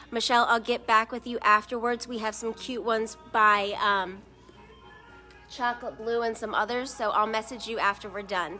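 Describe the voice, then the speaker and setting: A woman's voice: mid-range voice, pushed and bright. A woman hosting a live shoe showcase, chatty and upbeat, talking straight to viewers. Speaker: shoe store host.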